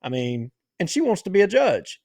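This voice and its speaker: A man's voice: sits high, sing-song, normal speed, creaky, a little mellow, no echo, clean studio sound. A man hosting a talk show, giving heated, indignant political commentary. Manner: ranting, indignant.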